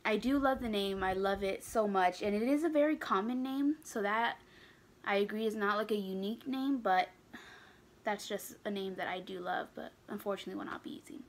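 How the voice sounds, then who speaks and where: A woman's voice: mid-range voice, brisk. A young adult woman chatting casually to her channel in her bedroom, out of breath and rambling from one aside to the next. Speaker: vlogger. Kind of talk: casual chat to camera.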